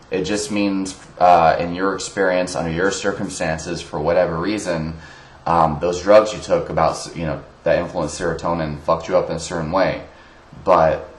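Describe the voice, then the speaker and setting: A man ranting in a casual vlog, heated, sarcastic and profane, wired on coffee. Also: sits low. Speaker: vlogger. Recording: roomy echo.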